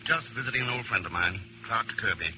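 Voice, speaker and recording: An actor with an American accent in a 1940s radio drama playing a dry, self-assured adventurer, on a very hissy old recording. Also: male voice, on the low side, brisk, bright, forceful tone, poor audio. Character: cool, confident American adventurer man. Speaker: hero investigator.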